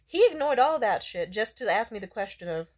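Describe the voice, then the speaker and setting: A woman's voice: on the high side, very animated, fairly quick. Young woman, vlog storytime, casual and blunt, swears freely, indignant, lots of fillers. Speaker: vlogger.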